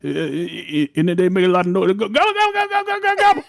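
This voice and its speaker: A man's voice: high voice, animated, very fast, vocal fry, heavy background noise, pitched above the performer's own voice. A man doing a hollering old Southern grandpa. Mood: storytelling. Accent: Alabama Southern. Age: older. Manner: drawling, stammering with uh.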